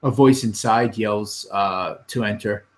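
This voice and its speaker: A man running a tabletop fantasy game, his voice on the lower side. He narrates in an unhurried way, pausing on frequent fillers. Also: poor audio. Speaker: game master.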